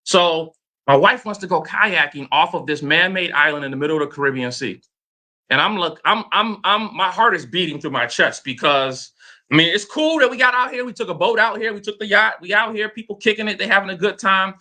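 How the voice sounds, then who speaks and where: A motivational coach with a high, strikingly bright voice shares a personal story, speaking a little fast. He's dramatic and animated, repeatedly turning to speak directly to his listeners.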